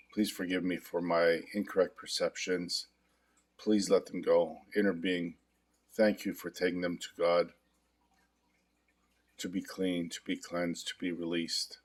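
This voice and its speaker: Very deep, flat-voiced man guiding tapping. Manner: calm, confessional, repetitive affirmations. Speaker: hypnotherapist demonstrating tapping. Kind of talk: guided self-help demonstration.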